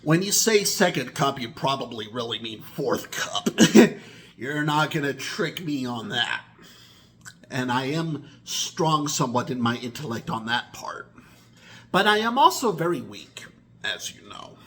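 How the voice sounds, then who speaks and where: Man vlogger, unhurried rambling monologue, bright edgy tone, pitch and volume jumping around. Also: lively intonation. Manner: slow, deliberate, with sudden swings in pitch and loudness. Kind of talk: rambling personal monologue to camera.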